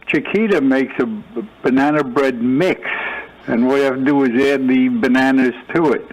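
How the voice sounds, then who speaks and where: A man calling in to a radio show, speaking in a hesitant, halting way. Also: mid-range voice, darkish tone, low-quality recording. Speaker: caller. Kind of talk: call-in chat.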